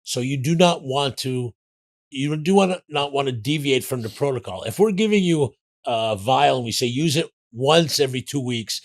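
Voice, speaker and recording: A man's voice: medium pitch, expressive, moderate pace. A man in casual podcast conversation, plain-spoken and cautionary.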